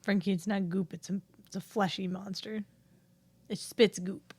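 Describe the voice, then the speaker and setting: A woman's voice: mid-range voice, fairly even intonation, normal speed, darkish tone, husky, no echo. A woman playing a tabletop game, chatty, with laughing asides.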